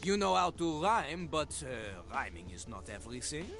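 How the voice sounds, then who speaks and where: A man's voice: mid-range voice, very animated, moderate pace, creaky, music in the background. An actor voicing a cocky male talking toilet who lectures and breaks into rap. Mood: lecturing.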